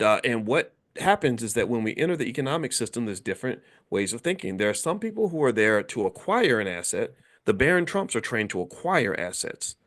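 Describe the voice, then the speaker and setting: A middle-aged man giving a casual commentary monologue, animated and often restarting and repeating words. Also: medium pitch.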